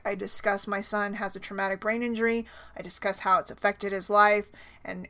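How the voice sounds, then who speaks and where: A woman's voice: mid-range voice, bright, forceful tone. A woman hosting a casual solo podcast, talking in a chatty, rambling way with frequent restarts and tag questions, foggy from a sinus headache. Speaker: podcast host.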